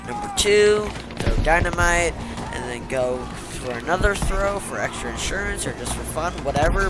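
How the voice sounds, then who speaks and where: A man recapping a war game's story as a joke, animated and sarcastic. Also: high voice, moderate pace, over loud music. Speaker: gaming YouTuber. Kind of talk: comedic game story recap.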